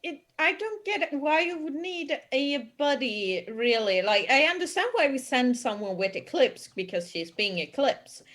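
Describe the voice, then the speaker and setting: A woman's voice: sits high, big pitch swings, measured pace, few pauses, a bit bright. Woman questioning at a game table. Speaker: player. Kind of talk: casual tabletop play.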